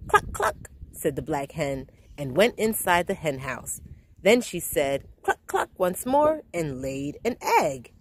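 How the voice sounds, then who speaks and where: A woman reading a picture book aloud to children in a gentle, expressive storytelling manner. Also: low-pitched, a little slow, slightly rough. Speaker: children's read-aloud host.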